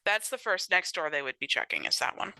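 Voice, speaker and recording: Brief: female player, crisp bright voice, dry close sound, thinks out loud. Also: on the low side, huge pitch swings, fairly quick, no echo. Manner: thinks aloud, self-correcting. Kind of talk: thinking aloud during a tabletop game.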